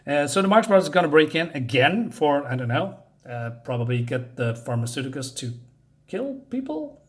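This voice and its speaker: A man's voice: fairly high pitch, very animated, normal speed. Rambling non-native-English man reviewing comics. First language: not English. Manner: rambling, hesitant, many fillers; chuckles often. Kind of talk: casual video review.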